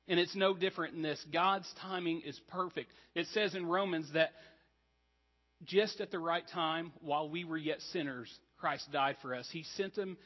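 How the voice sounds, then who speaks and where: A man's voice: on the high side, in a large hall, lo-fi sound. A man preaching a sermon as pastor, conversational and earnest, with casual asides to the congregation. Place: church sanctuary.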